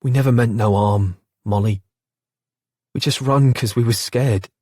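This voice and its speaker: Man voicing a young telegram boy, eager, raised pitch, husky edge, audiobook. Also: unhurried, darkish tone, dry recording, clean studio sound, close to an everyday voice. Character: young working-class London telegram boy. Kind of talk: audiobook character voice.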